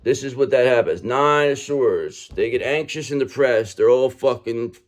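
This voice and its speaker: Man, tarot reader, casual reading, emphatic, swears a lot, keeps saying okay, mid-pitched voice. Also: moderate pace. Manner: emphatic, repeats "okay?" constantly, swears freely.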